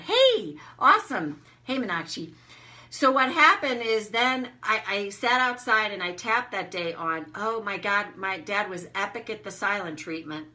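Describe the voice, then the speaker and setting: A woman's voice: medium pitch, sharp tone. A middle-aged woman coach talking casually and candidly on a live video stream, telling a personal story with frank language. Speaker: tapping coach. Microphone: phone or webcam, live video.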